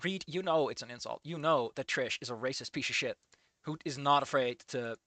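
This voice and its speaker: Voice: medium pitch, fairly quick, bright, forceful tone, dry recording. A streamer reading through a game and ranting about its writing in a profane, exasperated way. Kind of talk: game playthrough commentary.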